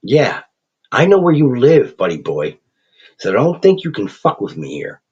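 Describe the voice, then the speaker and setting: A man's voice: mid-range voice, huge pitch swings, unhurried, darkish tone, breathy edge, pitched above the performer's own voice, exaggerated voice. A man voicing a crude male gangster who swaggers, swears and threatens. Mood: threatening. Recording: dull lo-fi recording.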